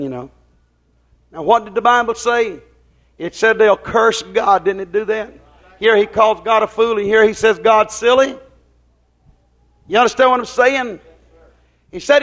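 A male preacher with a strikingly high-pitched voice delivers a rambling, folksy sermon. He keeps asking his listeners whether they understand him and slips into retold conversations. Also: a little slow, long pauses, fairly bright tone. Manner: folksy, rambling, drops into quoted dialogue; questions the congregation often.

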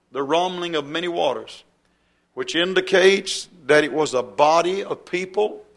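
Slow, emphatic preaching man. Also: fairly high pitch. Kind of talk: sermon.

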